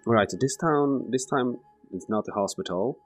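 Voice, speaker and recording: A man's voice: mid-range voice, moderate pace, faint music behind. Rambling man doing gameplay commentary. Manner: rambling, swears casually, thinks aloud. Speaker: let's play gamer.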